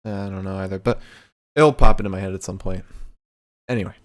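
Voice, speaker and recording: This young man talks fast in a low-pitched voice while hosting a casual livestream podcast. He jokes loosely, laughs easily and chats with his viewers.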